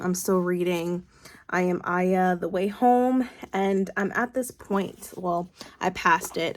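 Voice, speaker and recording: A woman's voice: mid-range voice, dry recording. Rambling, emotional woman vlogging. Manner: rambling, full of fillers and restarts; openly emotional. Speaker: book vlogger. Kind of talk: casual reading vlog chat. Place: parked car.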